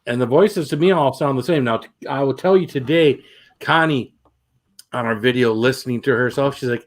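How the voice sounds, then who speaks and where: A man's voice: medium pitch, brisk. Rambling middle-aged American man. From northern US. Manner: rambling, repeats words while searching for them. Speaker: channel host. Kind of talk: casual chat.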